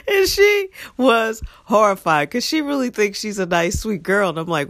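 A woman telling stories from her past in a blunt, animated, profane way, acting out what people said. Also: on the low side, moderate pace, few pauses, dry recording, clean studio sound. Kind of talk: casual storytelling monologue.

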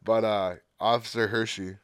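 A man's voice: lowish voice, little pitch movement, normal speed, clear, resonant tone, no echo, clean studio sound. A man co-hosting a podcast, telling a story in a laid-back, swear-filled way and acting out what people said. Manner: laid-back, swears a lot, acts out quotes. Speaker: podcast co-host. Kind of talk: casual storytelling.

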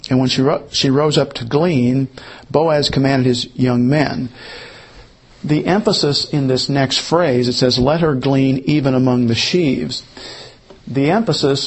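A man with a husky, mid-range voice teaching a Bible lesson verse by verse. He talks the class through a sketch of the scene, often restarting his sentences. His tone stays plain and explanatory. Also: mid-range voice. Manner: explains while pointing at a drawing, with frequent restarts.

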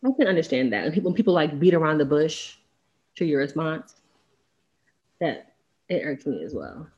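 A woman talks in casual chat on a podcast. Her voice sits low and comes through dull and lo-fi. She is blunt and animated and laughs at herself. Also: normal speed. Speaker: podcast co-host.

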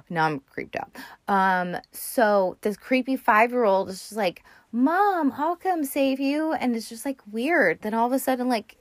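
A woman's voice: medium pitch, no echo. A woman hosting a podcast in casual chat, retelling a movie in a rambling, profane way full of fillers. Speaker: podcast host.

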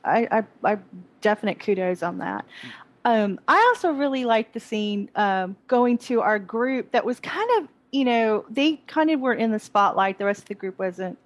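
A woman's voice: mid-range voice, animated, normal speed, poor audio. A woman co-hosting a podcast, chatting casually about a TV episode in a rambling way with many restarts. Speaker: podcast co-host. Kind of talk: casual chat reviewing a TV episode.

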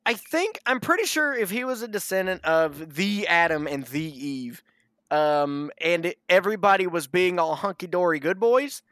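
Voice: mid-range voice, animated, moderate pace, fairly bright tone, no echo, studio quality. A podcast co-host telling a comic story in casual chat, rambling and giggling through lots of fillers.

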